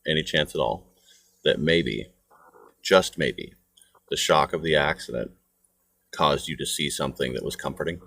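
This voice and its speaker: A man's voice: a bass voice, moderate pace, gravelly, pauses often, pushed and bright. A man interviewing a stranger, pressing his questions by repeating phrases. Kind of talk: casual interview.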